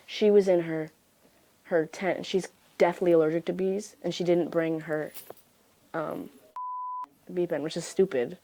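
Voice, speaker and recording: A young woman telling a story in a casual, animated way, full of slang, swearing and "like" fillers. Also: lowish voice, slight background noise. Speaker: interviewee.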